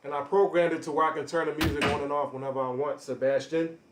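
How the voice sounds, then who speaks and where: A man ranting on a live stream, confrontational and boastful, calling out chat members by name with loud bursts and drawn-out emphasis. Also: a little high, fairly even intonation, background noise. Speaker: livestreamer. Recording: roomy echo.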